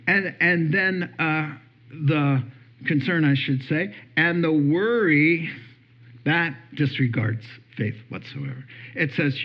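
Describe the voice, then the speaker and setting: A man preaching a sermon in a church, animated, acting out the anxious voices of his listeners and chuckling between points. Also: fairly high pitch, slightly rough, lo-fi sound. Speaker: pastor.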